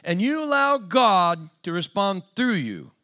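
Man, preacher, conversational sermon, fairly high voice, plain-spoken, dry humor. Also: very animated, unhurried, sharp tone.

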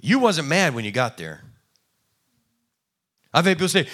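A man's voice: a little high, very animated, normal speed, pauses often, pushed and bright. A man preaching a sermon in a conversational, folksy way, acting out little quoted exchanges. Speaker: pastor.

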